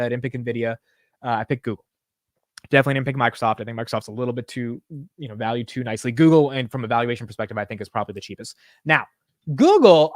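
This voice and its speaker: A man's voice: mid-range voice, no room sound, studio quality. A man hosting a live stock market show in casual commentary, rambling and blunt with casual swearing.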